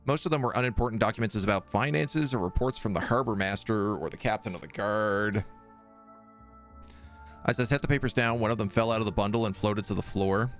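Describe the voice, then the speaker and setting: A man streaming a game, reading its story text aloud in a measured way and chatting softly to his cat between passages. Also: lowish voice, faint music behind.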